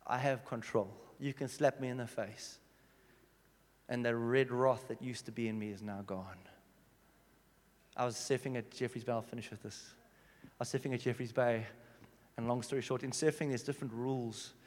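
A man preaching a sermon, telling stories animatedly and swinging from hushed to loud. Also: medium pitch, fairly even intonation, normal speed. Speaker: pastor. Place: church hall. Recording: long reverb in a church hall.

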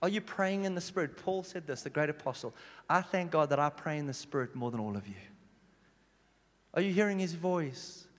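A man preaching a sermon, telling stories animatedly and swinging from hushed to loud. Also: on the high side, expressive, brisk. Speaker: pastor. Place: church hall. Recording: long reverb in a church hall.

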